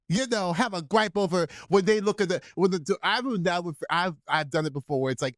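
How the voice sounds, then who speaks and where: A man co-hosting a podcast, chatting casually in an animated, playfully outraged way and laughing often. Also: sits high, fast, few pauses, no room sound, studio quality. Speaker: podcast co-host.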